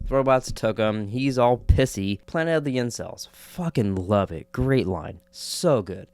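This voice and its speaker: A man giving a casual spoiler review of a TV episode, excitable, swearing a lot and laughing often. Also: mid-range voice, clear, resonant tone, no echo.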